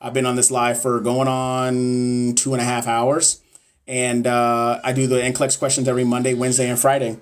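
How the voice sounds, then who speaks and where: A man in mid-pitch hosting a casual livestream as a nursing exam coach. He talks bluntly and swears freely while pushing his viewers to take action. His tone is motivational and direct. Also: monotone, moderate pace.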